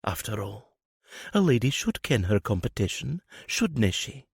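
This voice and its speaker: Man putting on a sly scottish lady, husky and drawling, snide, audiobook. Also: fairly low pitch, lively intonation, normal speed, dry recording, studio quality, voice pushed up. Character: malicious red-haired Scottish lady, mocking and sly.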